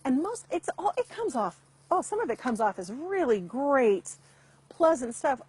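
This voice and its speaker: A middle-aged woman hosts a chatty live stream, speaking directly to her viewers through a computer mic on a weak internet connection. Her voice is high and husky, with big pitch swings at a normal speed, and the recording is dry. She repeats herself and restarts sentences as she chats.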